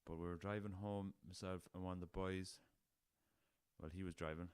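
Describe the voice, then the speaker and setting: A man's voice: sits low, level tone, normal speed, clean tone, no echo. An Irish man hosting a casual solo podcast, rambling through a story and swearing freely, recorded on a laptop. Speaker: podcast host.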